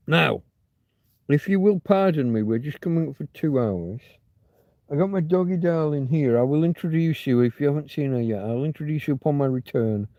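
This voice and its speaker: Broadcasting a loose livestream from home in Torrevieja, this male host has a warm, mid-range voice captured on a dry recording. He chats and rambles, thinking aloud as he reads, with the occasional curse.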